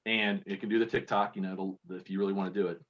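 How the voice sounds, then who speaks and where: A man from Kentucky talking in a fairly low voice, telling loose, self-deprecating stories as an interview guest. His sound is dull and lo-fi, as over a video call. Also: little pitch movement, very fast. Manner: rambling, self-deprecating storyteller. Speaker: guest contest entrant. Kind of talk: casual interview chat.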